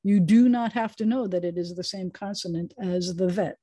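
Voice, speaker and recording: Sounding out Hebrew letters slowly in a reading lesson over video call, a woman rabbi stays patient and chatty, adding playful asides. She has a lowish voice with a dark tone, and the recording is dry.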